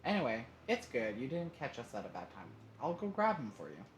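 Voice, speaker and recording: A man's voice: mid-range voice, huge pitch swings, a little fast, pitched above the performer's own voice. A man voicing a cheery middle-aged father on the phone, friendly and chatty. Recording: roomy echo, faint noise.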